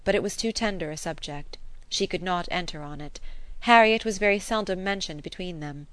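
Woman, audiobook narrator, classic novel, measured, lowish pitch, dry close recording. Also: dry recording. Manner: measured, even storytelling. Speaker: audiobook reader.

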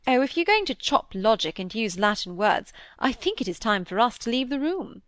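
A woman reading the part of a fussy, vain middle-aged Victorian stepmother, fretful and a little higher in pitch. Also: very animated, normal speed, fairly bright tone, no echo, clean studio sound. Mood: cross. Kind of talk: audiobook character reading.

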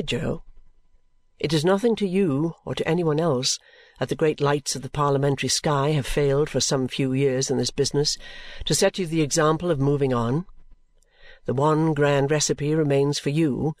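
A man narrating an audiobook in a steady, clear storytelling manner. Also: fairly high pitch, dry recording. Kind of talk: scripted narration.

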